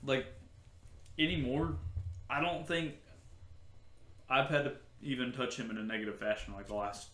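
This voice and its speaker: A man's voice: medium pitch, steady tone, normal speed, pauses often, a bit bright, reverberant. A man co-hosting a podcast, chatting easily, laughing along and acting out little quotes. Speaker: podcast co-host. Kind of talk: casual chat.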